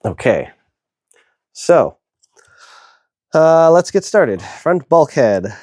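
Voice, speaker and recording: Man, casual build narration, chatty with fillers, tired, mellow tone, dry close sound. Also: on the high side, sing-song, drawn-out words, dry recording. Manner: chatty, thinks aloud with many fillers. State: yawning, tired. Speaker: hobby video host.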